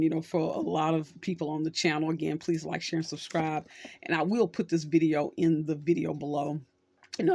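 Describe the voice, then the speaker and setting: A woman's voice: low voice, gravelly, darkish tone, breathy edge, no echo. Storytelling middle-aged woman host. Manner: conversational, storytelling with acted quotes. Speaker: social worker and channel host. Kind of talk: casual talk to camera.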